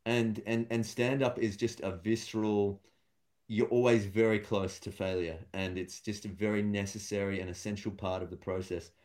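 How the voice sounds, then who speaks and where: A man's voice: on the low side, fairly even intonation, moderate pace, darkish tone. A man, a stand-up comedian and guest, talking casually and thoughtfully in an interview, with many fillers and restarts.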